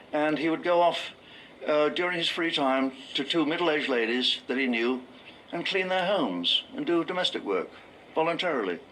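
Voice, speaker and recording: Wry older English comedian telling stories. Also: male voice, fairly bright tone, a little hiss or hum, rough recording. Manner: wry storyteller, drops into low mock voices for punchlines. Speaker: comedian and game show host. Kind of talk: anecdotal stand-up and reminiscence.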